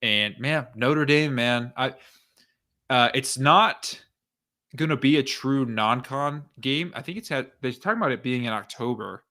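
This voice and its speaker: A young man co-hosting a casual sports podcast, laid-back and quick to laugh. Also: mid-range voice, sharp tone. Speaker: podcast co-host.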